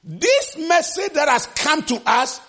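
A man preaching a sermon with passion, shouting refrains and acting out the scripture quotes. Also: sing-song, slow. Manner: acts out quotes with sudden pitch jumps.

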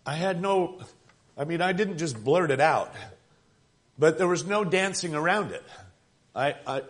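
A man preaching a sermon in a conversational yet emphatic way, building up to forceful points and dropping to quiet asides. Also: fairly high pitch, expressive, measured pace. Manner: emphatic, conversational preaching with rising and falling intensity.

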